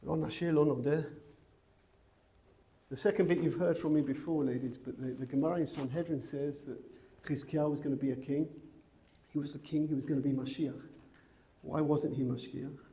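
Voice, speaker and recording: A middle-aged man, a rabbi teaching a women's seminary class, who tells a story, asks the class rhetorical questions and grows loud and excited, switching between Hebrew and English. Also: a little high, a little fast. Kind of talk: lively Torah lecture with storytelling.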